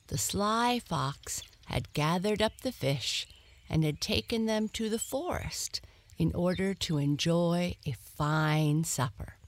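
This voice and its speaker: A woman reading a children's story aloud in an expressive, animated way. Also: lowish voice.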